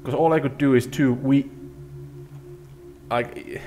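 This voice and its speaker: A man's voice: medium pitch, steady tone, slow pace, mellow, a little hiss or hum. Rambling man doing gameplay commentary. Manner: rambling, self-deprecating. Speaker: let's play host.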